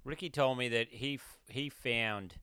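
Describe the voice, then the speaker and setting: A man with a bright, smooth voice tells a story on a podcast, slipping into the voices of its characters. The sound is dry and close. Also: mid-range voice, measured pace, dry recording. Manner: tells anecdotes, acts out quoted voices, many yeahs. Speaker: podcast co-host. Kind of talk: casual storytelling.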